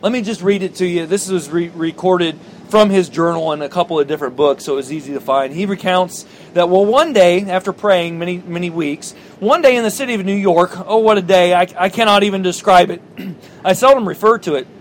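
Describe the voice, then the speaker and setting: Animated high-voiced male pastor preaching. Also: a little fast, slight background noise, poor audio. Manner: animated storytelling, acting out quoted voices. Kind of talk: sermon.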